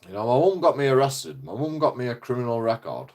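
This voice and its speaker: A man's voice: mid-range voice, very animated, quick pace, darkish tone. A man, ranting casually in a rambling, foul-mouthed way. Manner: rambling, heavy swearing. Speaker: vlogger. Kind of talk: casual rant.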